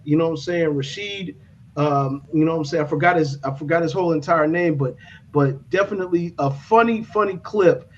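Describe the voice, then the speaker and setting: A man's voice: fairly high pitch, a little fast, a little hiss or hum. A man hosting a casual morning talk show, laid-back and repeating his catchphrases. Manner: laid-back, repeats "you know what I'm saying". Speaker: radio talk show host. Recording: dull lo-fi stream audio.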